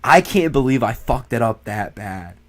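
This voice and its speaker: A man's voice: medium pitch, lively intonation, normal speed. A young man streaming, chatting casually in a rambling, profane way and laughing often.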